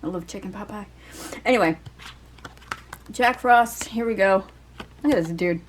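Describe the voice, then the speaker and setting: Woman, tarot reader, casual and digressive, lots of "um" and "like", mid-pitched voice. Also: unhurried, a little hiss or hum, low-quality recording. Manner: rambling, digressive, peppered with fillers and swearing. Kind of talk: casual chatty tarot reading.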